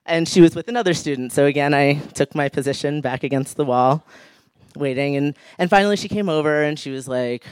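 A man's voice: on the high side, brisk, smooth, no room sound, studio quality. A man telling a humorous personal story on stage, laughing often and acting out the people he quotes. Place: live stage show.

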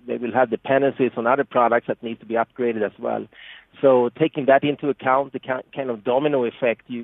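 A man's voice: mid-range voice, dry recording. Swedish-accented man on a tinny line. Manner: frequent restarts and fillers, earnest. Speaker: product marketing manager, guest. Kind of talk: explanatory interview answers. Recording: tinny phone-like line, dry.

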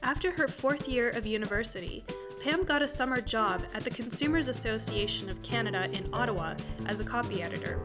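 Woman reading podcast narration, kinda high voice, clear and even. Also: fairly quick. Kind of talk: scripted narration. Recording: narration over loud music.

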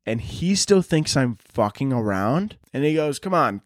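On his casual solo podcast, a young man tells rambling stories full of crude jokes and profanity. He speaks unhurriedly in a sing-song, darkish medium-pitched voice, captured dry and clean in a studio.

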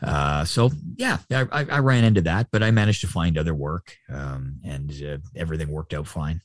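A man's voice: rumbling low, moderate pace, no echo, studio quality. A middle-aged Canadian man, a sportscaster, chatting in an interview with lots of fillers and restarts. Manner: rambling, many fillers and restarts. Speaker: sportscaster guest. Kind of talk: casual interview chat.

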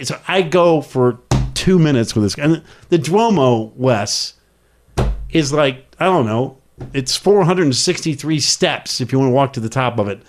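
A middle-aged man co-hosting a show, telling a travel story in a casual, animated way. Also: medium pitch, moderate pace, slight background noise. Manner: animated storyteller who acts out the people in his story. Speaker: radio co-host.

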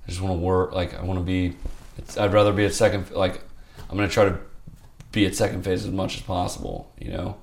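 A man's voice: deep voice, expressive, fast, creaky. A man speaking as an interview guest, telling a candid personal story in a rambling, heartfelt way full of fillers.

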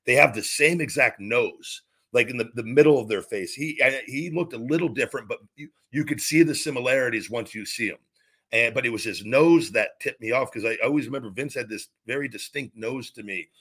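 A man in his forties, a former wrestler who hosts a podcast, tells a story in casual chat, rambling and circling back with restarted sentences and repeated words. His middling-pitched voice is bright and forward, brisk, with a breathy edge.

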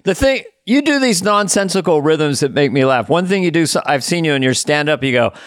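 An older man, a bit high-pitched, reminisces and laughs his way through silly old bits. The sound is dry and close, with no room around it. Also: lively intonation, fairly quick, dry recording. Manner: giggly, reminiscing. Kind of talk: casual chat.

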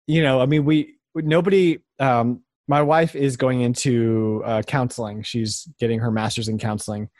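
A man in his thirties co-hosts a casual podcast, speaking earnestly and pausing often on fillers. His pitch sits in the middle of the usual range. The recording is dry and close. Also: darkish tone, no room sound. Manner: earnest, hesitant with many fillers. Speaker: podcast co-host. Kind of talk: casual chat.

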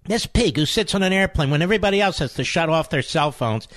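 A man's voice: a little high, lively intonation, fast, fairly bright tone, no echo, studio quality. Scornful, sarcastic male radio host. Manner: mocking, sarcastic, repeats insults for emphasis. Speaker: radio talk show host. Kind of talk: combative talk radio monologue. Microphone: studio microphone.

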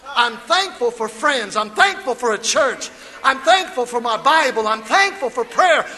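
A man preaching a fiery sermon as pastor, building from quiet reading to shouted calls. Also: very high-pitched, animated, measured pace, slight background noise.

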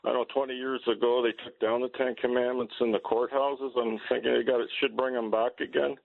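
A man's voice: mid-range voice, level tone, brisk, gravelly, dry recording. A man from Canada calling in to a radio show, easygoing and agreeable, a bit meandering. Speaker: caller. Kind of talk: call-in phone conversation. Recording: tinny phone line.

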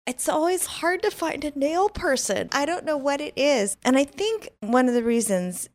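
A woman's voice: high-pitched, expressive, moderate pace. A middle-aged woman co-hosting a podcast with her husband, chiming in and finishing his sentences in casual chat. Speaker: podcast co-host.

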